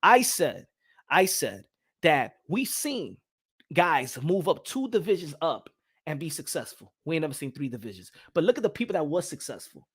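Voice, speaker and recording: High-voiced animated boxing streamer. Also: male voice, moderate pace, husky. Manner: animated, repetitive, shouts out chat viewers. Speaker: boxing channel host. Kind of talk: casual live-stream boxing talk.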